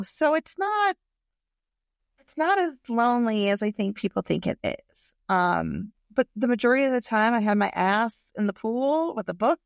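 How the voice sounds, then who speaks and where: Candid woman with a gravelly voice. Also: mid-range voice, no room sound, clean studio sound. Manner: candid and animated, swears freely. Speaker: storyteller. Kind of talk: casual personal storytelling.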